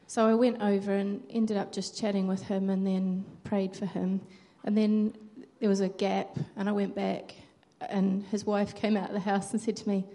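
Mellow woman giving testimony. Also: mid-range voice, level tone, normal speed, few pauses. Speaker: church member sharing testimony. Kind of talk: personal testimony in church.

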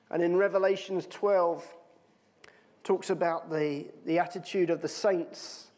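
A man's voice: high-pitched, unhurried, big-room sound. A man from the United Kingdom preaching a sermon in a casual, chatty way, quoting with emphasis.

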